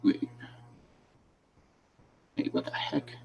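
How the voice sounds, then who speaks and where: A man's voice: drawn-out words, muffled recording. A man hosting a livestream in casual chat, rambling and laughing between his sentences. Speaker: host of a livestream.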